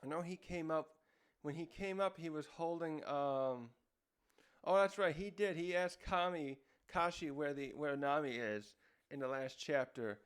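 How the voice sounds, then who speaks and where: A man's voice: on the high side, a bit bright, clear, resonant tone. A man casually recapping a manga chapter as a review host, rambling and searching for words, with lots of fillers. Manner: acts out character lines in quick raised voices.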